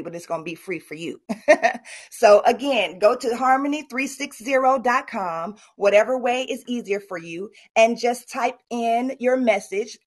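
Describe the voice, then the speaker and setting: A middle-aged woman giving a motivational talk at an online summit and coaching her audience directly. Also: a little high. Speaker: speaker.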